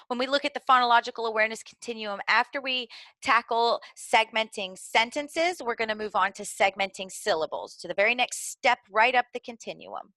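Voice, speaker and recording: Bright-voiced Southern woman teaching teachers. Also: on the high side, brisk, no room sound. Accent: Southern American. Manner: earnest, explanatory, occasional fillers and restarts. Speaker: early literacy trainer. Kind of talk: instructional video for teachers.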